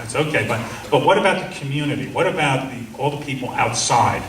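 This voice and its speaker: A man's voice: mid-range voice, fast, few pauses, fairly bright tone. A middle-aged man giving a seminar talk, telling a story in an earnest way and acting out the officers he quotes. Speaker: seminar speaker. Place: seminar room. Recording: roomy, distant mic, faint hum.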